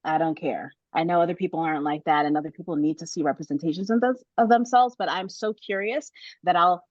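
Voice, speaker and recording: A middle-aged American woman telling a story in a casual interview, animated and laughing often, with many restarts. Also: lowish voice, fast talker, no echo, dull audio. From United States. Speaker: author guest.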